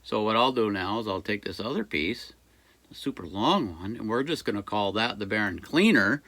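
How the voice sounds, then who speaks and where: A man's voice: on the low side, expressive, normal speed, fairly bright tone. Folksy man talking through a repair. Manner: folksy, rambling, jokey asides. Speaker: small engine repair shop owner. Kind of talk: casual workshop how-to talk. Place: workshop by a busy road.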